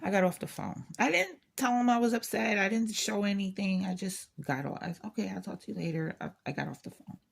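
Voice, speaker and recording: A woman's voice: medium pitch, animated, fairly quick, gravelly, hardly any pauses, slightly rough. A woman hosting a craft channel, chatting casually and venting candidly, rambling with frequent restarts. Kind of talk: casual chat.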